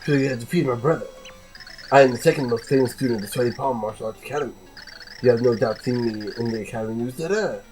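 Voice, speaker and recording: A gamer voicing a boastful martial arts student who guards a gate, in a quiet manner. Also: mid-range voice, fast talker, soft background music, natural voice, poor audio.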